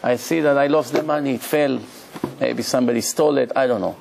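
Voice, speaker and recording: A man's voice: mid-range voice, fairly even intonation, fairly quick, vocal fry, noisy background, close to an everyday voice. A man voicing a desperate, frightened young boy who pleads and repeats himself in a rush while telling a story.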